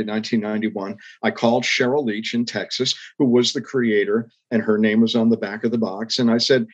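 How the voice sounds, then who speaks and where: An older man recounting his career in an interview, his voice a little husky at mid pitch. He speaks earnestly and reflectively, lifting into emphatic rises. The recording sounds slightly muffled and lo-fi. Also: normal speed, hardly any pauses. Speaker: interview guest, former public TV executive. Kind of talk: storytelling interview.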